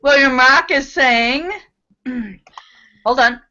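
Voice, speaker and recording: A woman's voice: high voice, very slow, sharp tone, dull audio. A woman hosting a casual online panel, chatty and leading group laughter exercises. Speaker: host.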